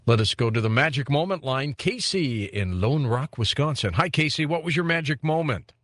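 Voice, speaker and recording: A man hosting a late-night call-in radio show, taking listeners' calls in a relaxed, friendly way. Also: mid-range voice, no echo. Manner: relaxed, affable, takes calls briskly. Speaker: radio talk show host.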